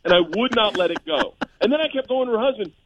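A middle-aged man, a comedian, tells animated stories on a radio show, laughing and jumping high when he quotes people. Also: fast, highs cut off, crowd noise. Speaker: comedian guest.

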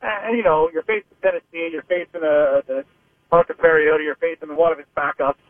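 He sounds a little high and brisk, with fairly flat intonation, captured dry on a phone over a narrow line. This Pittsburgh sports reporter phones a radio show with analysis, rambling and faltering through frequent restarts.

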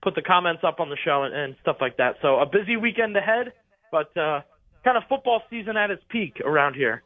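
A young man in his twenties calls in over a tinny phone line, his voice sitting high. He talks eagerly as a sports reporter, plugging the station's coverage. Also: expressive, a little fast, no echo. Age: 20s. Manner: eager, promotional. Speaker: radio sports reporter calling in. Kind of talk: casual radio talk.

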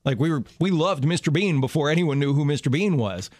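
Chatty middle-aged man, slightly high, dry. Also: animated, darkish tone, no echo. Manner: chatty storyteller, quick laughs. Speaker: radio show co-host. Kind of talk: casual chat.

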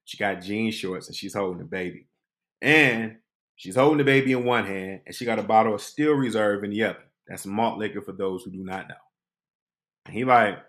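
A man hosting a podcast, telling a comic personal story with animated delivery, acting out voices. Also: deep voice. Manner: animated, acts out voices and quotes. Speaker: podcast host.

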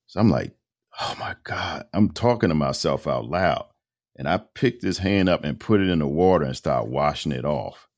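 A man's voice: very deep voice, lively intonation, moderate pace, darkish tone. A middle-aged man, a voice-over artist, telling a long personal story as a podcast guest in a casual, slangy way and acting out the dialogue.

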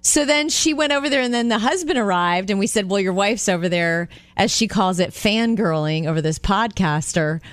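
A woman co-hosting a radio show, chatty and lively as she tells stories. She jumps into the voices of the people in them. The studio sound is dry and close. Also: medium pitch, normal speed, hardly any pauses, no echo. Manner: animated storyteller, acts out quoted voices. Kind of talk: morning radio chat and storytelling.

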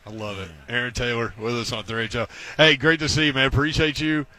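A man's voice: medium pitch, steady tone, fast talker. Sports radio host guy, easygoing, crowd chatter all around. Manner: easygoing interviewer, brief reactions. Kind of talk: hosting sports talk radio.

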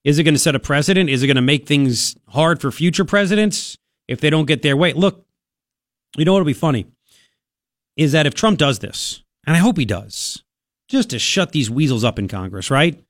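Man, radio talk host, mocking, animated, slightly high voice, dry studio mic. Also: moderate pace, dry recording. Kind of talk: opinionated talk radio monologue. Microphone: studio microphone.

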